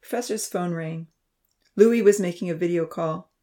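A woman narrating a novel in a steady, measured reading voice. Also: lowish voice. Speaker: audiobook narrator. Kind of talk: scripted narration.

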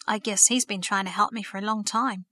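A tearful young man begs forgiveness, his voice shaking and breaking into sobs, as a woman reader puts him on. The tone is bright and the sound close and dry, with no room around it. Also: mid-range voice, fairly even intonation, brisk, no room sound. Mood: pleading. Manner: shaky, sobbing pleas.

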